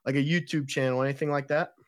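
A man's voice: medium pitch, steady tone, quick pace, no echo, clean studio sound. A man hosting a casual interview, upbeat with short affirmations. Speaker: podcast host, interviewer.

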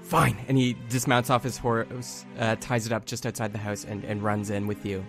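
A man narrating as game master of a tabletop game, playful and unhurried, with faint music behind. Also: fairly low pitch, level tone. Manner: slow, playful narration with laughs.

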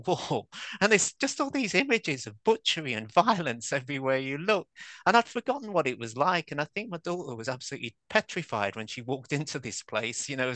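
A man's voice: mid-range voice, bright, forceful tone, dry recording. A man in his fifties from England, a guest author and academic, talking casually and self-deprecatingly, full of asides and fillers. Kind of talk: casual conversational interview.

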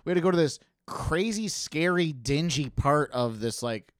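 A man's voice: fairly high pitch, normal speed, dry recording, clean studio sound. A man casually telling a story on a podcast, acting out the voices of the people in it. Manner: animated storyteller who acts out quotes.

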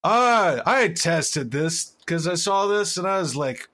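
A man's voice: on the high side, animated, slow pace, bright, forceful tone. A man co-hosting a podcast in casual comedic chat, rambling and crude, often losing his train of thought. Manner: rambling, crude and jokey, trails off. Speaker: podcast co-host.

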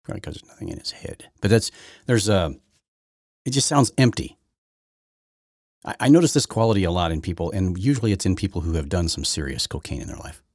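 Male host, very low husky voice that swings up and down a lot, sarcastic and rambling. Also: expressive, a little fast, pauses often, darkish tone, no room sound, studio quality. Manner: sarcastic, rambling, repeats words often. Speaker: podcast host. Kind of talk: opinionated political commentary.

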